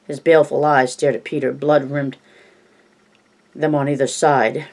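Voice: mid-range voice, little pitch movement, unhurried, a little mellow. Plain-voiced amateur audiobook reader. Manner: unpolished reading with coughs and self-corrections.

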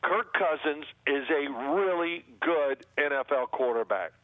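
A man holds the floor on a sports podcast, rolling on in long unbroken runs and plowing past interruptions. His voice sits a little high for a man and comes through a thin, tinny phone-line feed with no room around it. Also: lively intonation, unhurried, no room sound. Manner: long rolling monologues, talks over others. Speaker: guest analyst, former game broadcaster. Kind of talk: casual sports podcast chat.

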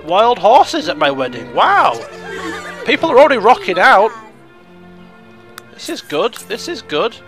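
A man giving excitable, theatrical gameplay commentary, exclaiming and chatting to his game characters. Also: on the high side. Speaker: let's play host.

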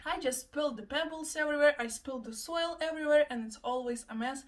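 A young woman vlogger chatting casually while unboxing gifts, excitable and full of gasping exclamations. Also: high voice, fairly quick. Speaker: plant and lifestyle vlogger.

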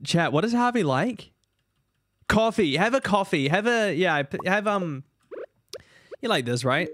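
Rambling, animated man streaming a game. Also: fairly high pitch, normal speed, dry recording, clean studio sound. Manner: rambling, animated, talks to chat. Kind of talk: casual gameplay commentary.

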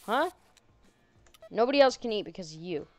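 A woman's voice: medium pitch, lively intonation, normal speed, darkish tone, no echo, soft background music. A woman playing a horror game and commenting on it, sarcastic and jokey, chatting to the characters on screen. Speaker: gaming channel host.

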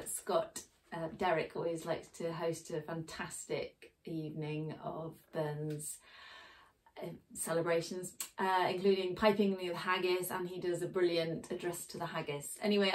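A middle-aged woman from England teaching a song in a chatty way, often pausing with ums and uhs. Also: on the low side. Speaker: singing teacher. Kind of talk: casual spoken singing lesson. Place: home in a village.

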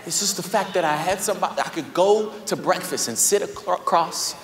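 A young pastor delivers a live sermon in a high voice. He swings between loud exhortation and hushed, soft storytelling. The sound carries the long reverb of a large hall. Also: fairly quick. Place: large church auditorium.

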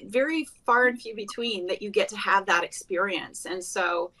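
A woman, an actress, leading a casual virtual cast chat and sharing warm reflections. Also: medium pitch, normal speed, poor audio.

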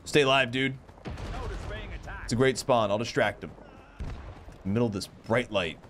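A man's voice: mid-range voice, unhurried, fairly bright tone, a little hiss or hum. A man giving live commentary over his own gameplay, exclaiming and swearing as the action unfolds. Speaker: gaming video host.

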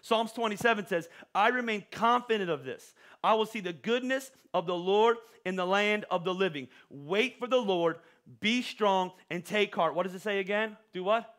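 Bright, high-voiced animated pastor. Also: male voice, normal speed. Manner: animated, joking preacher with stammering restarts. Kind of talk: sermon. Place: church auditorium.

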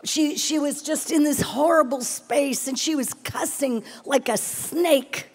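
A middle-aged woman preaching a sermon with personal testimony, animated and playful, dropping to hushed tones between exclamations. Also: high-pitched, unhurried. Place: large event hall, live audience.

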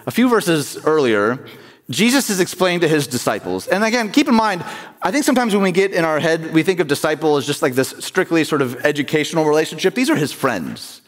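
A man's voice: a little high, very animated, fairly quick. A man preaching a sermon as pastor, in a conversational way, often asking the congregation questions. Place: church sanctuary. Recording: long church reverb.

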